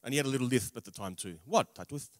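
A man giving a spoken testimony sermon, with humorous asides and big swings in loudness on emphatic words. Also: mid-range voice, rapid-fire, no room sound, studio quality. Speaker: preacher. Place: large camp meeting venue.

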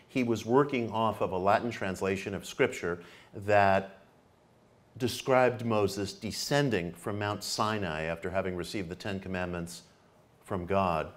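Male lecturer with a low-pitched voice, earnest delivery that repeats phrases for emphasis, occasional fillers. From New York, United States. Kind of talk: public lecture.

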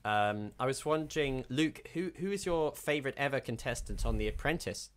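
A man hosting a film podcast, asking questions in a hesitant, polite, deadpan way. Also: medium pitch, normal speed, clear, resonant tone. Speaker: podcast host. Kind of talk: deadpan mock interview.

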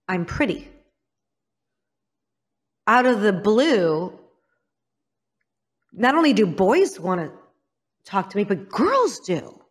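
A woman's voice: mid-range voice, husky. Woman telling a candid personal story. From Illinois, United States. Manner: frank, self-critical, acts out others' lines. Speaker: interview guest.

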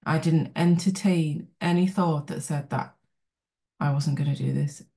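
A woman's voice: low-pitched, a little slow, creaky, dark tone. A woman who hosts a book club, giving an encouraging, conversational motivational talk full of questions.

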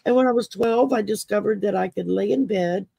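A middle-aged woman from Texas hosts a casual interview. Her voice is gravelly and a little husky. She tells long personal stories, laughing along the way, in a dry, close recording. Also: mid-range voice, brisk, dark tone, dry recording. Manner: chatty, laughs often while telling stories. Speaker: podcast host.

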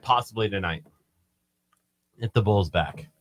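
A man's voice: fairly low pitch, measured pace. A man co-hosting a radio show, answering with short, laconic and somewhat defensive remarks in casual banter. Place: radio studio.

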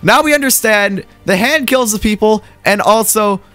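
Young male gaming commentator, high-pitched and excitable, light music bed. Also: normal speed, no echo. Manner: excitable, yelps and laughs at mishaps. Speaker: gaming YouTuber. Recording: faint game music underneath.

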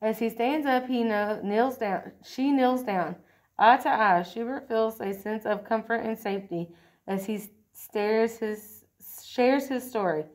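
A woman reading a children's picture book aloud, in an expressive read-aloud style with occasional slips and throat-clearing. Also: a little high, unhurried. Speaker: storybook reader.

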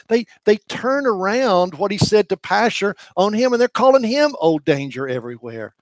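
A man delivers a sermon in a notably high voice. He is earnest and pushes into impassioned emphasis. The sound is close and dry, with no room around him. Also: very animated, moderate pace, few pauses, dry recording. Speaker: preacher.

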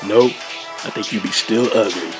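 Tough mouthy young turtle, a guy voicing him, homemade stop motion, loud music behind. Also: lowish voice, normal speed, lightly acted. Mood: brash. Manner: blunt, teasing. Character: gruff young male turtle, teasing and tough. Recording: music playing under the voice.

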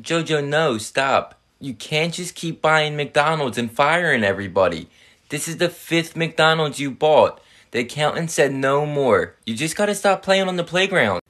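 A man's voice: a little high, expressive, unhurried, fairly bright tone. A tired, exasperated mom, played by a man, scolds her spoiled daughter firmly. She sounds fed up but patient. It's a comedy sketch.

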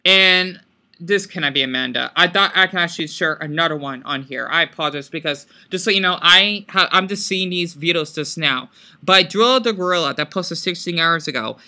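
This vlogger's voice is a little high and a little fast, bright with a forceful edge, as he delivers unscripted, rambling commentary on the news. Apologetic and emotional, he swears when upset and peppers his speech with "okay?" and "right?"

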